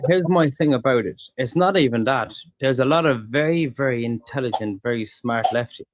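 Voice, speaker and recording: Man making a measured political point. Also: medium pitch, noisy background.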